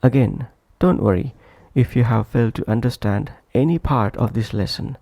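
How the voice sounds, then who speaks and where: A man narrating a scripted pronunciation lesson, slow and deliberate, repeating each example phrase for practice. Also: mid-range voice, vocal fry, warm tone, no room sound. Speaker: English pronunciation teacher.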